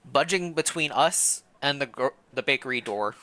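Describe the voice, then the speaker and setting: Bright-voiced man streaming a game. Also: mid-range voice, lively intonation, moderate pace, a little hiss or hum. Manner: casual, laughing, self-correcting. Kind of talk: reading a visual novel aloud with commentary.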